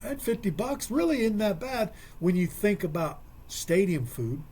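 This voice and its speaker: A man with a slightly husky, somewhat high voice hosts a casual radio sports talk segment. He jokes, tells stories and thinks through numbers out loud. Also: very animated, moderate pace. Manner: joking, storytelling, thinks aloud with math.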